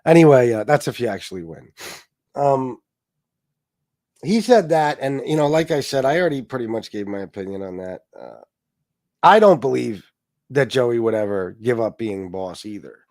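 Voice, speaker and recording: A man hosts a casual livestream with a stuffed-up nose, rambling, swearing, and reading viewers' chat comments aloud. His mid-range voice has a darkish tone and is animated at a moderate pace, recorded with studio quality and no echo.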